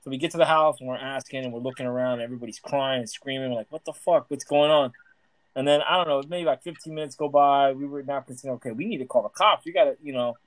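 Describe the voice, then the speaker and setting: A Miami-accented man tells a story on a casual podcast at a brisk, excitable clip. His voice has a medium male pitch. It is recorded dry and close, with no room around it. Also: no echo, low-quality recording. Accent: Miami English. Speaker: podcast co-host.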